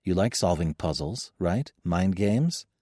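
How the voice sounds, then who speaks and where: A man voicing a young male adventurer, sarcastic and joking, keeping steady in danger. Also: deep voice, a little slow, no room sound, clean studio sound. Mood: urgent.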